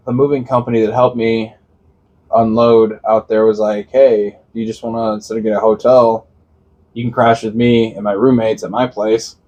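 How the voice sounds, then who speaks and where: A young man from Illinois chats loosely on a podcast and tells a rambling road-trip story. He swears freely and laughs at his own jokes. His voice sits at an ordinary middle pitch for a man. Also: darkish tone, rough recording. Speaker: podcast co-host. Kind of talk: casual podcast chat.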